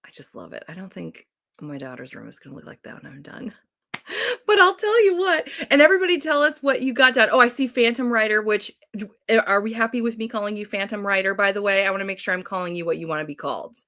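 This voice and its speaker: Woman, 30s, home livestream host; chatty, giggly, pitch all over the place. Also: animated, bright, forceful tone. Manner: bubbly, chatty, quick to laugh. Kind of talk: casual livestream chat.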